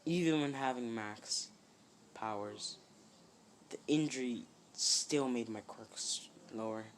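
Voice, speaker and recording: A man's voice: takes it slowly, a little hiss or hum, natural voice. A man doing a weary old hero mentor. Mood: confessional. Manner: low, quiet and grave. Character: aging male hero mentor, solemn and weary.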